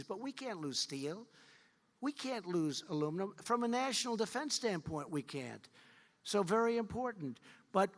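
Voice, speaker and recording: A man giving a rally speech at a fundraiser, repetitive, boastful and rambling. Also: high-pitched. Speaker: political speaker at a fundraiser. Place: large event hall. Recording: long hall reverb.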